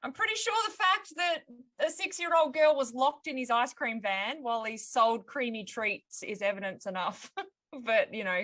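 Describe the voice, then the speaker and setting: A woman's voice: a little high, moderate pace, a bit bright. A woman hosting a podcast, telling a story in casual chat with sardonic asides and frequent laughs.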